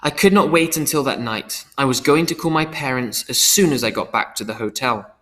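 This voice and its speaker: A man reading a first-person audiobook, earnest and expressive. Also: medium pitch, fairly quick. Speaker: audiobook reader. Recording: long hall reverb.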